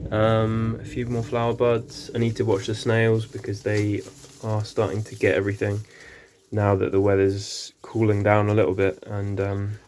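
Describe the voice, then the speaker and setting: Male gardener, low-pitched, chatty and hesitant, casual greenhouse walk-through. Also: completely flat delivery, moderate pace, a little mellow. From England. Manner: rambling, many ums, self-correcting. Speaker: gardening vlogger. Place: small greenhouse.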